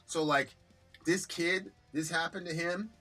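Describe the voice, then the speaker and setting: A man co-hosting a live stream, talking bluntly with a lot of profanity and animated storytelling. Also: fairly high pitch, a little slow, faint music behind. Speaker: co-host of a live reaction stream. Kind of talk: casual heated discussion.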